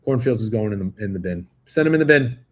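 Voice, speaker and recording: A man's voice: lowish voice, expressive, fast. A man hosting a sports betting livestream, talking casually and profanely, speaking straight to his chat. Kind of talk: casual live-stream chat.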